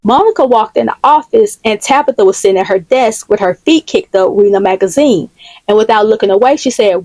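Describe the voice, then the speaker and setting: A woman's voice: medium pitch, brisk, darkish tone, dry recording, poor audio. A woman storyteller narrating a dramatic story recap in a plain, conversational way.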